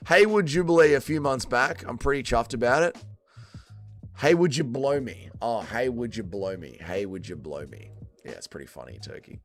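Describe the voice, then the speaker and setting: A man's voice: on the high side, animated, moderate pace, fairly bright tone. A young man hosting a livestream, chatting casually and sarcastically, swearing freely and reading out chat messages. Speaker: livestream host.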